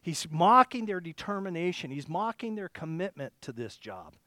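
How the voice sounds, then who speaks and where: A man with a notably high voice, preaching to his church congregation. He talks it through casually, stumbling and restarting, and keeps asking "okay?" to check in. The sound is close and dry, with little room echo. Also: sing-song, normal speed, bright, forceful tone. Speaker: pastor. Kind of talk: sermon. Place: church service.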